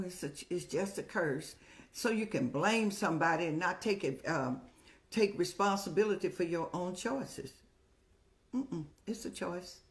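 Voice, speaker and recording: An older woman hosting an advice show, talking in a folksy, motherly, preaching way. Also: lowish voice. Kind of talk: casual advice talk.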